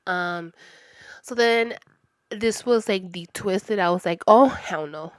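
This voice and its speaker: A chatty woman in her thirties talks through a book review, her retelling peppered with "like" and quick asides. Her voice sits at an ordinary middle pitch for a woman. It is caught dry and close, with no room echo around it. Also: smooth. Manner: chatty, many "like" fillers, lively retelling. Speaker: book reviewer, channel host. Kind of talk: casual chat, book review.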